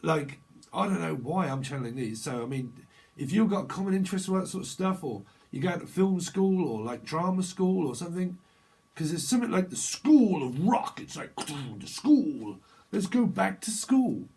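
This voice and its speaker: Bloke doing a loose tarot reading, raspy husky voice, bit high, jokes and word games. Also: male voice, big pitch swings, normal speed, darkish tone. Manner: rambling free association, jokey wordplay, slangy. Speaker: tarot reader. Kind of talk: casual off-the-cuff tarot reading.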